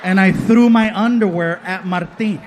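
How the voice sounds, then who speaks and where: A man doing a stand-up comedy routine, telling stories in an animated way and acting out other people's voices. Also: high voice, moderate pace. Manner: animated storytelling, acts out voices. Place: comedy stage before a live audience. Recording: live stage audio with audience noise.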